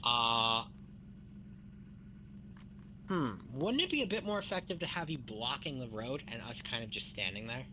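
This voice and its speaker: A man's voice: medium pitch, expressive, moderate pace, long pauses, noisy background. A man playing a game over voice chat, asking wry questions about the setup. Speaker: player in a game session. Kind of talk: casual voice chat during a game.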